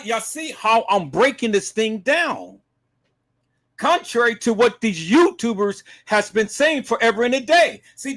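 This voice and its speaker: A man hosting a live stream, giving emphatic commentary to his viewers, dropping to low murmurs and rising to shouted outbursts. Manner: emphatic, repeatedly addresses viewers as "peoples".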